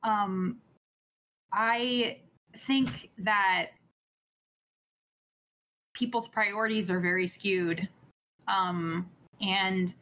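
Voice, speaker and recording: A woman's voice: medium pitch, fairly even intonation, very slow, pauses often, fairly bright tone. A woman co-hosting a podcast, speaking earnestly and thoughtfully with many restarts in casual chat. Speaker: podcast co-host.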